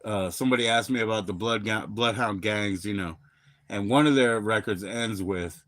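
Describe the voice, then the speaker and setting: A middle-aged livestream host from Maryland, USA, chats casually and rambles from topic to topic, swearing freely. His low-ish voice is brisk and recorded dry with no room sound, and he erupts in loud bursts before sinking back into mumbling.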